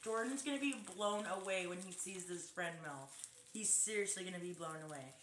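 A woman's voice: fairly low pitch, moderate pace, slight background noise. A woman chatting casually to her phone camera as she opens fan mail, gushing and exclaiming over each gift. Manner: gushing, excitable, lots of exclamations. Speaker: vlogger opening fan mail. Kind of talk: casual unboxing chat to camera. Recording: echoey room.

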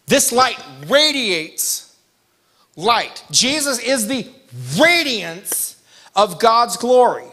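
A pastor delivers a sermon in a high, bright-sounding male voice. He talks like he is chatting with the room, stressing key points firmly and tossing quick questions at the congregation. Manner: conversational, emphatic preaching with asides to the congregation.

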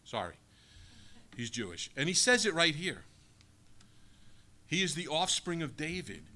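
A man's voice: a little high, very animated, normal speed, pushed and bright. A male pastor giving a sermon, preaching emphatically and asking the congregation rhetorical questions.

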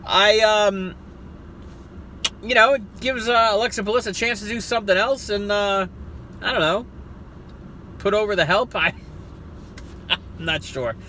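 Man, South Jersey accent, casual profane rant, sitting in a car, bright voice, faint background noise. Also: high voice, a little slow, long pauses. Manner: profane, excitable, jokey rants. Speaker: wrestling vlogger. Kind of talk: casual ranting commentary. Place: parked car.

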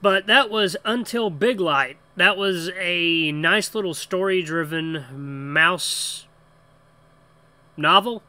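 A man's voice: high-pitched, slow pace, pushed and bright. A man hosting a gaming channel, commenting enthusiastically as he plays, rambling with fillers. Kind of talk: let's play commentary.

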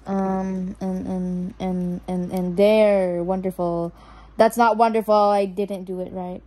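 A woman's voice: medium pitch, flat delivery, slow, warm tone, low-quality recording. A woman vlogger chatting casually to herself as she unboxes and builds a toy house, nervous and fretting that she will mess it up. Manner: nervous, self-talking, keeps saying she is scared. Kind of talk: casual unboxing and crafting commentary.

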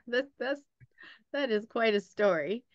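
A woman's voice: a little high, expressive, unhurried, no echo. A woman hosts a podcast interview and talks in a loose, hesitant way. Her voice sounds dry and a bit muffled, as if the audio is somewhat dull. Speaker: podcast host. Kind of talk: casual interview chat.

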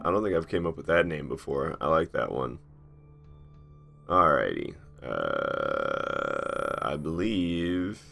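A man talks loosely through a game stream from his garage, drifting between topics and cursing casually. His voice sits a bit low but sounds bright and forceful. Faint music plays under him. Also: gravelly. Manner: rambling, swears freely, laughs at himself. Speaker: gaming streamer. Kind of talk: casual live-stream chat while playing.

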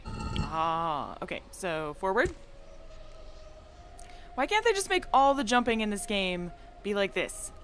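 A woman's voice: mid-range voice, very animated, slow, long pauses, background noise. A woman hosting a let's play, chatting playfully and casually as she plays and now and then breaking into song. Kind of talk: casual gameplay commentary. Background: game music.

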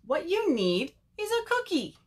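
A woman's voice: very high-pitched, huge pitch swings, measured pace, voice pushed up, exaggerated voice. A woman voicing a confident, cheerful beaver who speaks in an assured, matter-of-fact way.

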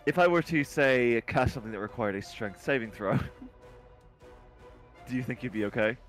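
A man's voice: medium pitch, animated, normal speed, faint music behind. A man running a tabletop game as game master, who talks casually and laughs often.

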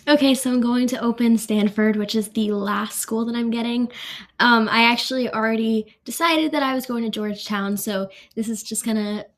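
A woman's voice: fairly high pitch, fairly even intonation, normal speed. A young woman in her late teens vlogging in a casual, chatty way, filling her talk with ums as she walks through each step. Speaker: vlogger opening college decisions. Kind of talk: casual chat to camera.

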